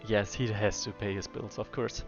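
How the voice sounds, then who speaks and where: A man's voice: lowish voice, fairly even intonation, moderate pace. A man giving casual gameplay commentary, thinking aloud with many fillers and restarts. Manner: muses to himself, hesitant with many fillers. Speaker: game player. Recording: dull lo-fi voice with faint music.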